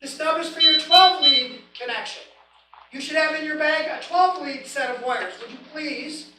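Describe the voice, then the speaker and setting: A woman's voice: high voice, moderate pace. A woman giving an equipment training class, stressing each step with emphatic instructions to the group. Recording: echoey room, mic far off, faint noise.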